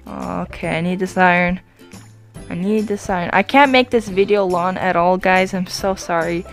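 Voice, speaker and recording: A woman giving chatty let's-play commentary over her game, often apologizing and breaking into excited exclamations. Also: medium pitch. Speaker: YouTube gamer.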